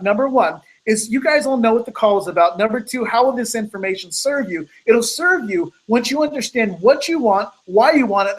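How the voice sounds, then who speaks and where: A man hosting a weekly live motivational call, telling a story and acting out the dialogue with big jumps in pitch. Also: low-quality recording.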